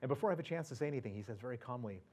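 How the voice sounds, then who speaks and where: A man's voice: mid-range voice, expressive, very fast, darkish tone. A man speaking as a guest at an event, telling a personal story in a chatty way, full of fillers, restarts and chuckles. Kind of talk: anecdotal storytelling to an audience.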